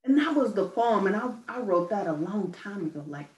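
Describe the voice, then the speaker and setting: A woman's voice: mid-range voice, big pitch swings, fairly quick. A woman songwriter speaking earnestly in an interview, searching for her words and repeating key phrases. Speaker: guest songwriter and poet. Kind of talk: personal testimony in interview. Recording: roomy echo from a distant mic.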